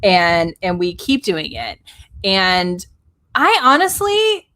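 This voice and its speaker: A woman's voice: on the low side, huge pitch swings, slow pace, pushed and bright. A woman who co-hosts a podcast and writes books chats reflectively, with a few hesitant fillers like "um" and "uh". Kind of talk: casual conversational chat.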